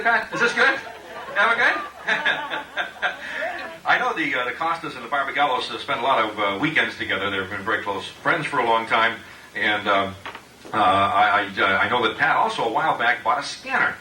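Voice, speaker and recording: A middle-aged man giving a joking roast speech at a party, halting with many uhs and laughing at his own jokes. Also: mid-range voice, expressive, bright, forceful tone. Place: party room with guests. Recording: echoey room, distant mic, background noise.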